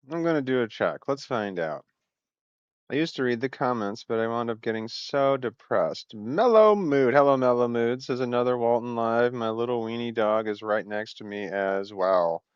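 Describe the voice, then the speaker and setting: A man talks loosely on a home livestream, drifting between thoughts, cutting himself off and laughing. His voice is smooth and mid-pitched. The sound is dry and a bit muffled, like a basic home mic. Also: animated, moderate pace, no room sound. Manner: scattered and self-interrupting, swearing, laughing often. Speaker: livestream host. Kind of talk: rambling casual livestream chat. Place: home, indoors.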